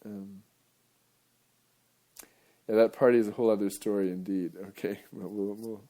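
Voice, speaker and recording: A man giving a rambling, jokey live talk to an audience, breaking now and then into loud playful chants. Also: lowish voice, flat delivery, normal speed.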